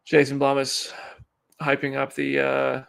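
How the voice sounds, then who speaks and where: A man's voice: mid-range voice, completely flat delivery, unhurried, vocal fry, fairly bright tone. A man hosting a casual live stream, chatting with viewers and reading news updates aloud.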